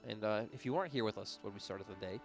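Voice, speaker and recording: A man's voice: on the low side, quick pace, creaky. A man from the United States casting an esports match in playful, laughing banter with a co-caster. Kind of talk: casual esports commentary. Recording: music bed behind.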